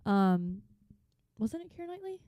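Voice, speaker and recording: A woman's voice: fairly high pitch, big pitch swings, unhurried, dark tone, no room sound, clean studio sound. A woman in her thirties with a light North Carolina accent, co-hosting a podcast in casual chat, rambling and laughing often. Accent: North Carolina Southern. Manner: giggly, rambling storyteller. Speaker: podcast co-host.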